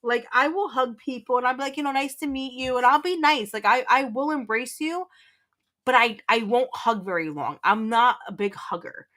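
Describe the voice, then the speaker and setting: A woman hosts a casual livestream in a slightly high voice. She rambles through her points with restarts and teases her viewers in a playful way. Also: moderate pace, a bit bright. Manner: playful, teasing, laughs often. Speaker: livestream host.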